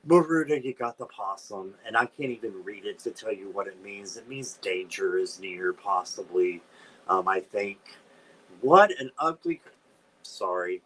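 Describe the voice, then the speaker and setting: A man's voice: on the low side, expressive, a little slow, fairly bright tone. A man hosting a live-stream tarot reading, chatty and given to dramatic squeals of disgust. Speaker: tarot reader, channel host.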